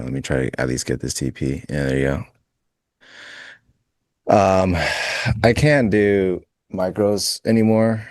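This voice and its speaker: A man's voice: a bass voice, dry recording, clean studio sound. A man trading futures on a live show, chatting casually and laughing often. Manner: relaxed, rambling, laughs often. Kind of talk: casual live-stream chat while trading.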